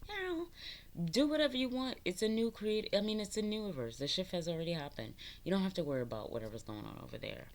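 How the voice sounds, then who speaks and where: A woman with a low voice gives a casual spiritual pep talk to her viewers. She swears constantly, laughs a lot and preaches self-worth in a loose, streetwise way. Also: animated, quick pace, hardly any pauses. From New York, the Bronx. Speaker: spiritual vlogger.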